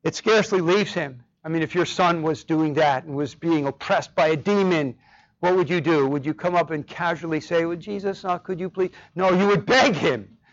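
A man preaching a sermon with passion, his voice rising to loud cries on key words. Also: fairly high pitch, moderate pace. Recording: dull lo-fi sound.

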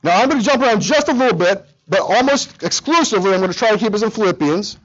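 A pastor preaching a sermon, talking straight to the congregation and to the children, in a lively, animated way. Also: male voice, sits high, fast talker, lo-fi sound. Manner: animated, speaks directly to children.

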